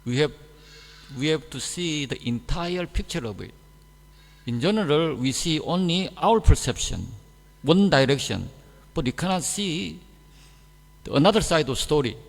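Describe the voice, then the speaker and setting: A man giving a scripture class in halting, simple non-native English, turning animated when he mimics others. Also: fairly high pitch, vocal fry. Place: temple hall. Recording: echoey hall.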